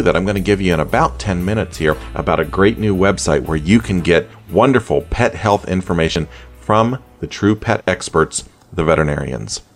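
A man hosting a pet radio show, chatting in a casual, animated way with chuckling asides. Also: deep voice. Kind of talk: casual podcast talk.

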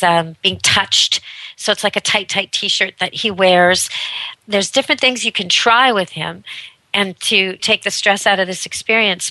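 A woman's voice: mid-range voice, pushed and bright, no echo, poor audio. A woman hosting a pet radio show, talking casually and chattily, amused and laughing often as she tells stories. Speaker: radio show host, dog camp owner. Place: rural dog camp in Canada.

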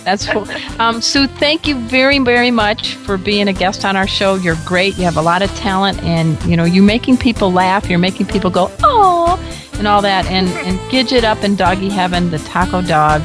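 A woman's voice: medium pitch, normal speed, hardly any pauses, music in the background. A woman hosting a pet radio show, chatting in a bubbly, jokey way and laughing often. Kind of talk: casual radio interview.

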